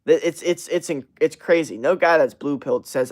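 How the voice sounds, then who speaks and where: A man's voice: mid-range voice, normal speed, few pauses. Profane young man chatting on stream. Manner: rambling, profane, animated, many fillers. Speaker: livestream host. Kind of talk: casual livestream chat reacting to comments.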